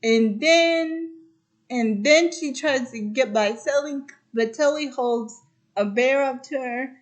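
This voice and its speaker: A woman's voice: high voice, takes it slowly. A woman casually retelling a movie plot, rambling and stringing events together with repeated "and then". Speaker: host.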